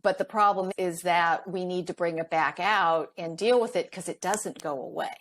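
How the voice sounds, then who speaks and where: Animated woman relationship coach. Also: fairly low pitch, moderate pace. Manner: animated, laughs often, acts out quoted dialogue. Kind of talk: podcast interview.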